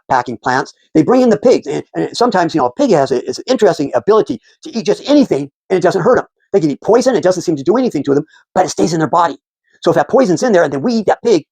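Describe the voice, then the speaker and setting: Rambling male civics explainer, husky and gravelly, talks fast. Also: on the high side, a little mellow, dry recording. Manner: rambling, many restarts and fillers. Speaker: civics commentator. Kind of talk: casual explanatory talk.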